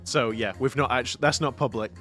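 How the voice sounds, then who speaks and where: A man's voice: mid-range voice, brisk, fairly bright tone, faint music behind. A man co-hosting a game playthrough, chatting and joking casually. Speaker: let's play co-host. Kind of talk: casual chat.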